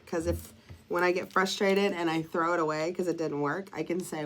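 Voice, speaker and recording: A woman's voice: lowish voice, little pitch movement, moderate pace, a little hiss or hum. A woman narrating a DIY craft project in a casual, chatty, self-deprecating way, thinking aloud as she works and sniffling a little. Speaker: craft vlogger.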